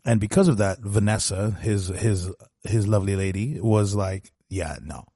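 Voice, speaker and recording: A man's voice: fairly low pitch, fairly even intonation, moderate pace, mellow, dry recording, studio quality. A man co-hosting a podcast, casually recounting movie scenes at length. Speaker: podcast co-host. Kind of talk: casual movie review chat.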